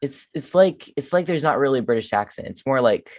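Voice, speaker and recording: A young woman with a breathy voice, co-hosting a fan show, chatting hesitantly and repeating herself. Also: a bass voice, animated, a little fast, a little mellow, dry recording. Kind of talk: casual chat.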